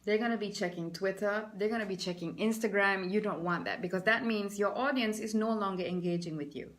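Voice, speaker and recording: Lively Malaysian woman teaching a webinar. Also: medium pitch, brisk, slight background noise. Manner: lively, stops to greet viewers by name. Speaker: presentation skills trainer. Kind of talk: webinar lecture.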